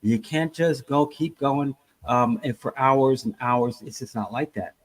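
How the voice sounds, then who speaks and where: A man's voice: mid-range voice, measured pace, rough recording. A man co-hosting a casual podcast who rambles and acts out little scenes as he talks. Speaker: podcast co-host.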